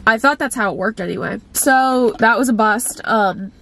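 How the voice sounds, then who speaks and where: A woman's voice: a little high, moderate pace, gravelly, a bit bright. A young woman with a stuffed-up nose, chatting bluntly in a casual vlog from inside her car and swearing often. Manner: blunt, swears a lot, irritated. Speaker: vlogger.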